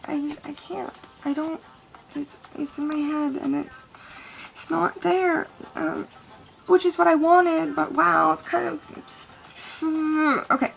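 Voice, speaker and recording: A young woman vents in a loose, rambling way, swearing freely and restarting her sentences. Her voice sits somewhat high but has a gravelly, creaky edge. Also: steady tone, slow, slight background noise. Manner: rambling and profane, with many restarts. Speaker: vlogger. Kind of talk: casual venting monologue.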